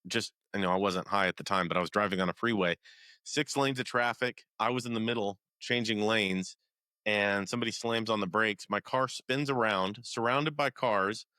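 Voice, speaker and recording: A man hosting a faith podcast, speaking in earnest and reflective casual chat, with pauses and fillers. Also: fairly low pitch, sharp tone, no room sound. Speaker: podcast host.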